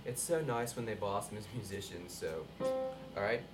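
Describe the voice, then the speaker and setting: A man's voice: lowish voice, normal speed. A man from North Carolina, a music teacher giving a workshop to other teachers, talking in a chatty, upbeat way with frequent laughs. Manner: chatty and upbeat, laughs often between points.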